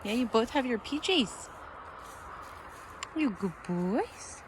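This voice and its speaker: A woman's voice: on the high side, very animated, slow, background noise. A young woman vlogging outdoors at a horse stable, praising her horses in sweet baby talk with lots of giggles.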